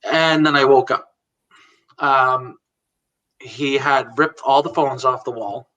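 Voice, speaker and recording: A man in his forties tells his life story as a guest in a live chat, candid and plain-spoken, replaying conversations line by line. His voice is bright and forward. He sits a little back from the microphone, so he sounds slightly distant. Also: medium pitch, fairly even intonation, slow pace. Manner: candid, retells conversations word for word, laughs now and then. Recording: voice a bit far from the mic.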